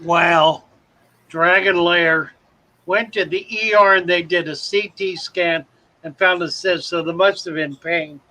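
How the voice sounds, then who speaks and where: Reading comments aloud, this male streamer greets his viewers by name and rambles through self-deprecating jokes in a casual chat. He speaks unhurriedly in a high, steady voice that is bright and forceful, captured on a rough recording.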